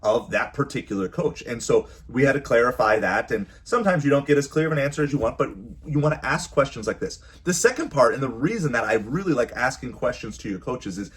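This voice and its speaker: A man's voice: mid-range voice, lively intonation, fast talker, few pauses, slightly rough. Earnest man giving parenting advice. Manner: earnest, repeats phrases, acts out quoted coaches. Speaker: youth baseball coach and parent. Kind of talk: casual advice talk to camera.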